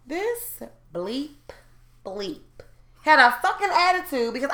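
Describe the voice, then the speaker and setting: Thirties woman, loud and foul-mouthed storyteller, bright forceful voice, echoey room. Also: sits high, slow. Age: 30s. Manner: loud, profane and animated, rising to shouts when heated. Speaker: storyteller in a group chat. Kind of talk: casual chat, telling a story.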